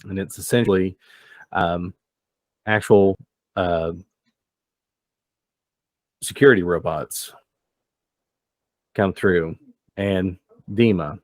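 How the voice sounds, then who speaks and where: A man runs a tabletop game as game master, narrating the scene in a relaxed, loose manner. His voice sits fairly low. The sound is dry and close, with no room around it. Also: slow, long pauses, no room sound. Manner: relaxed, descriptive, loose with fillers.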